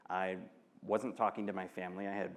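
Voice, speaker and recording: A man in his thirties from Michigan, speaking candidly and earnestly onstage, often pausing and restarting and laughing between thoughts. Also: deep voice, flat delivery. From Michigan, United States. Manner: earnest, halting, quick to laugh. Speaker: author and guest. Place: festival stage.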